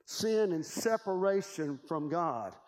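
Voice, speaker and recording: A man's voice: high-pitched, expressive, slow, darkish tone. A man preaching a sermon in an emphatic, repetitive cadence. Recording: long hall reverb.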